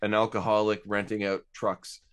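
A man's voice: on the low side, level tone, moderate pace, fairly bright tone, clear, resonant tone. A man co-hosting a casual podcast, easygoing, laughing along and steering the talk. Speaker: podcast co-host.

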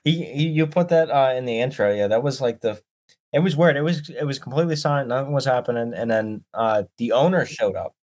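A man's voice: mid-range voice, a little mellow. A man, a guest, chiming into a casual conversation and adding his side of the story. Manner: quick to agree, chiming in. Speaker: guest explorer. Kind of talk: casual chat.

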